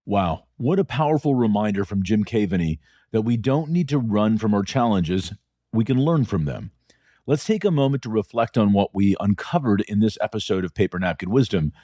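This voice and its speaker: A man hosting a podcast, reacting with affirming comments and closing with a measured, reflective scripted summary. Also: lowish voice, expressive, mellow, dry recording, clean studio sound, faint music behind. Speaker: podcast host. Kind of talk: conversational interview, then scripted reflective outro.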